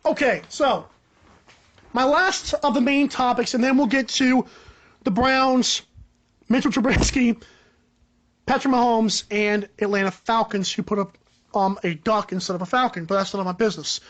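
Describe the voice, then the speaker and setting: A young man hosting a solo sports podcast, ranting in a rambling, animated, joking way. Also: normal speed. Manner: animated, rambling, joking, pitch jumps up for emphasis. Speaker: podcast host.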